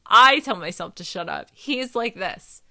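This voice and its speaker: A woman's voice: medium pitch, animated, a little slow, bright, forceful tone. A woman in her thirties giving frank, casual advice in a monologue, swearing freely, mimicking people mockingly and laughing at herself.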